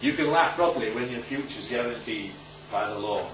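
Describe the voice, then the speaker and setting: A man of medium pitch speaks a little fast, giving a conversational Bible talk and regularly checking in with his listeners. The background is noisy and the recording roomy, distant and dull.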